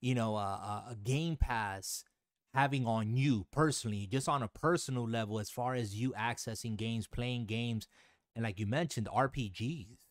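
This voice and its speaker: Male American host, mid pitch, dry close sound, chatty and laughing. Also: moderate pace, no room sound. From United States. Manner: talkative, laughs often, many fillers. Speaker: podcast host. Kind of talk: casual chat.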